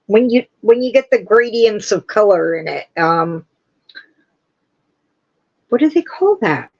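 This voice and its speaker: A woman hosting a casual livestream, chatting and gushing with excitement. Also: medium pitch, a little slow, highs cut off. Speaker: livestream host. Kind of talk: casual chat.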